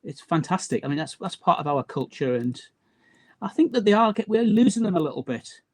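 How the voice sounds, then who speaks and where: A man with a slight Durham accent and a faint Teesside lilt talks in a loose, rambling way, restarting his sentences as he goes. His voice sits a little higher than most men's. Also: big pitch swings, brisk. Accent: mild Durham accent with a trace of Teesside. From County Durham, England. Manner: chatty, rambling, many restarts. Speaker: guest, map and book publisher. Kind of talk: casual interview chat.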